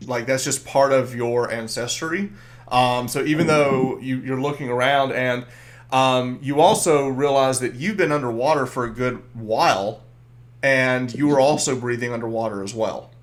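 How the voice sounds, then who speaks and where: A man's voice: mid-range voice, normal speed. A man narrating as game master of a tabletop game, rambling with many "um"s and restarts.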